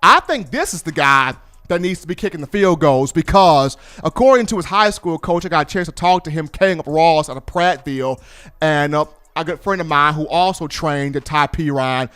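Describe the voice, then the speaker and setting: Animated man on college football. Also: a little high, normal speed, clean tone. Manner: animated storyteller, colloquial. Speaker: sports commentator. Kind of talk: casual sports commentary.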